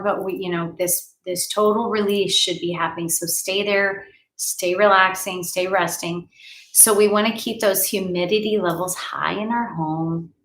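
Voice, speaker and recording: A woman life coach leads a live healing session from her home. Her voice sits low with a gravelly fry, and she guides breaths, sighs and spoken affirmations in a soothing, unhurried manner. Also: a bit bright, a little hiss or hum, poor audio.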